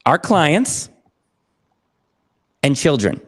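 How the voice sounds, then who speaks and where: A man guesting on a podcast, telling a client story with energetic enthusiasm and acting out the dialogue. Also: a little high, extremely slow, slightly rough. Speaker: podcast guest, therapy program founder. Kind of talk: animated storytelling.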